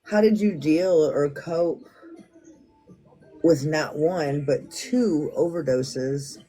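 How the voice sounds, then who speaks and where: A man hosting a podcast interview, giving brief sympathetic responses and asking deliberate questions. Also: a little high, warm tone, breathy edge. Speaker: podcast host.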